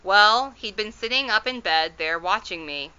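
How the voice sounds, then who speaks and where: A woman's voice: mid-range voice, lively intonation, normal speed, bright, forceful tone, smooth, highs cut off. A woman voicing an elderly tiny borrower father who speaks in rustic, ungrammatical phrases in a storybook read-aloud. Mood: explaining. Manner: rustic ungrammatical speech, rambling and reassuring.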